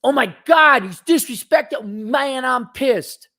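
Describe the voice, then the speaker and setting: A whiny young office worker , mocked by a man, squeals his grievances in a shrill, high voice. He drags each complaint out with melodramatic outrage. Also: animated, takes it slowly, pushed and bright, heavily acted. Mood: indignant.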